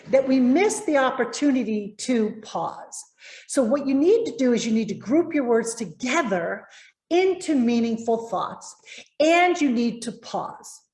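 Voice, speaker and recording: A woman communication coach giving a lesson on presentation tips, speaking expressively and slowing down to stress key words. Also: a little high, sing-song, darkish tone, echoey room.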